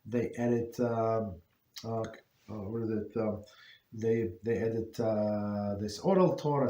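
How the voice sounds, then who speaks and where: Man teaching, halting, in an echoey room. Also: lowish voice, warm tone. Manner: halting, many fillers and restarts. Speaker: rabbi teaching a class. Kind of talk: informal Torah class.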